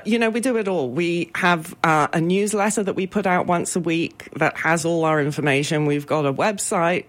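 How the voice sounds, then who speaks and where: Chatty woman promoting local business events. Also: fairly low pitch. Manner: chatty, many ums, upbeat promotional. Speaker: business improvement association representative. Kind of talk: radio interview guest.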